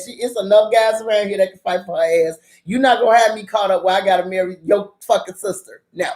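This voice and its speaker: Woman, slightly high voice, loud, profane, laughing drama-recap host. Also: brisk, few pauses. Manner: profane, animated, laughs often. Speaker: drama review vlogger. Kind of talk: casual drama recap rant.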